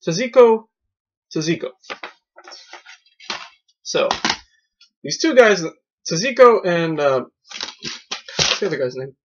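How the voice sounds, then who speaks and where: A man rambles through a film review with goofy excitement, tripping over himself and restarting sentences. His voice sits at an ordinary middle pitch. The recording sounds dull and lo-fi. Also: moderate pace, a little hiss or hum.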